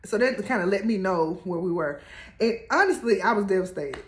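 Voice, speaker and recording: A woman telling a story in a casual, animated way, laughing and acting out quotes. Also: medium pitch, fairly quick, echoey room. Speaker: co-host telling their couple story.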